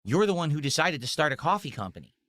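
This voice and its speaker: Brief: male streamer musing aloud, bright tone, dry close sound. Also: on the high side, big pitch swings, quick pace, no echo. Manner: rambling, self-justifying, fillers. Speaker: streamer in played clip. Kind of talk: casual monologue to audience.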